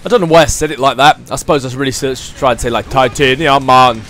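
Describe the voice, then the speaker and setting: A man chatting excitably through his let's play commentary as he plays a video game, thinking aloud as he goes. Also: mid-range voice, rapid-fire, soft background music. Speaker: gaming channel host.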